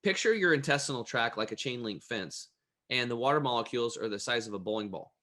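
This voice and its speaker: A man speaking as an interview guest, an energetic, emphatic and plain-spoken storyteller. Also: mid-range voice, fast.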